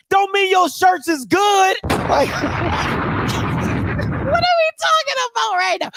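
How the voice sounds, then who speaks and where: Host, male, very high voice, loud incredulous live reaction commentary. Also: lively intonation, normal speed, vocal fry, background noise. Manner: loud, laughing, incredulous ranting. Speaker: show host reacting to a clip.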